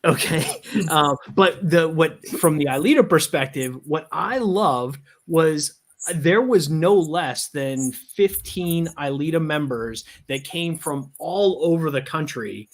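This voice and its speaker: A man with a slightly higher-than-usual voice co-hosts a relaxed interview. He wanders through his thoughts, leaning on fillers and restarts as he recalls things. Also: slow. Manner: meandering, many fillers. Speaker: co-host. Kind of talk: casual interview chat.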